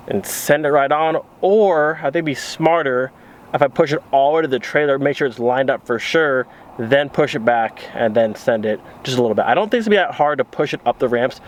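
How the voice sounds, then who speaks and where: A man chatting casually to his viewers outdoors as a vlogger, thinking out loud and calling them his friends. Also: mid-range voice, a little hiss or hum. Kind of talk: casual vlog chat to camera. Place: outdoors by a car trailer.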